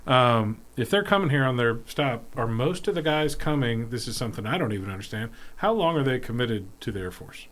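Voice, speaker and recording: Guy hosting a podcast chat, talks fast, kinda rambly questions. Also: medium pitch, lively intonation, fairly bright tone. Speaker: podcast host. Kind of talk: casual interview.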